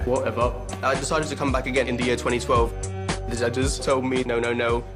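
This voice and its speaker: A man's voice: medium pitch, flat delivery, a little fast, music in the background. A man from England, cheeky and playful, talking about his audition on a talent show. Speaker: auditioning singer.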